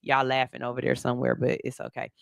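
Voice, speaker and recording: A woman's voice: a bass voice, completely flat delivery, fast, gravelly, no room sound, clean studio sound. A middle-aged woman, hosting a radio show and chatting loosely, laughing and using slang as she reads listener comments. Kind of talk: casual chat reading viewer comments. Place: radio studio.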